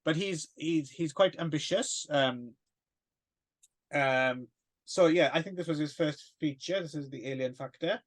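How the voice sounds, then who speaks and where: A man's voice: fairly high pitch, a little slow. A man co-hosting a casual film podcast, rambling and hesitant with plenty of fillers and self-deprecating asides. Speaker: podcast co-host.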